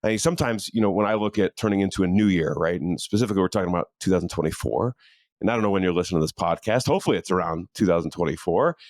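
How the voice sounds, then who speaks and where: A man's voice: sits low, rapid-fire, no room sound, studio quality. A middle-aged man hosting his own leadership coaching podcast from a home office, talking in an earnest, conversational way with fillers and restarts. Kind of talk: casual motivational monologue. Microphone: studio microphone in a home office.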